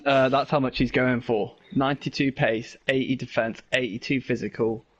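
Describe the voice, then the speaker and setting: Husky guy chatting while racing, laid back, muffled cheap mic. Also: steady tone, normal speed. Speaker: racer. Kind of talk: casual gaming chat. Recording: muffled low-fidelity mic.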